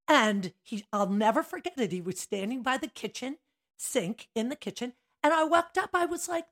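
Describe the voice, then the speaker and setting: A woman's voice: a little high, normal speed. An older woman, a dance studio owner, telling stories in a casual chat and acting out the scenes. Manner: animated, acts out scenes with big gestures. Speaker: guest, mother of the hosts.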